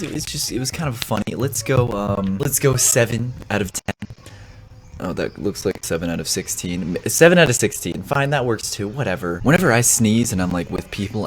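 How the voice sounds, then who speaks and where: Excitable young man with a lively, bouncing voice. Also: fairly low pitch, background noise. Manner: excitable, goofy, exclaiming in disgust and surprise. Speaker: reaction video host. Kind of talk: casual reaction commentary.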